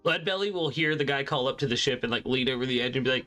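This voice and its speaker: A man's voice: medium pitch, fast talker, few pauses, sharp tone, soft background music. A man playing the captain in a tabletop game, playful and laughing often. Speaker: player and captain. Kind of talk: in-character tabletop play.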